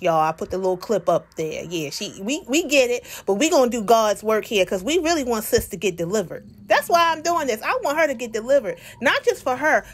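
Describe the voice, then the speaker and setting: A woman with a Southern accent hosting reaction commentary in a sassy, preachy way, talking straight to her viewers. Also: mid-range voice. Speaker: commentary host.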